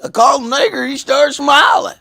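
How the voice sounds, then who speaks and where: A man teaching a religious class in a lively preaching style, telling stories and acting out voices, swinging from loud to hushed. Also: very high-pitched, moderate pace, gravelly. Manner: animated, storytelling, acts out voices, swings from loud to whispered.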